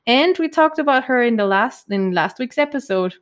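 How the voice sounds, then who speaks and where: A woman's voice: high voice, animated, moderate pace. A woman with a German accent co-hosting a podcast, chatting casually with lots of laughs and ums. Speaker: podcast co-host. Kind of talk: casual chat.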